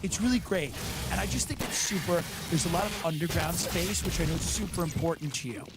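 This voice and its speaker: A man voicing a smooth, pushy male realtor making an ingratiating sales pitch to a client. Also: a little fast, very noisy. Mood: salesy.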